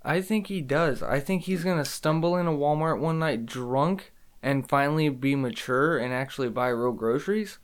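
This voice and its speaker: Higher-voiced man bantering with friends. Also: normal speed. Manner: laughs often, playful banter. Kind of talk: casual chat.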